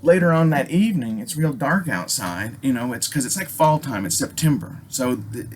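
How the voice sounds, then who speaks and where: Profane, animated Alaskan man telling a story. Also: mid-range voice, normal speed, noisy background. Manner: animated, swears constantly, acts out quotes with loud jumps.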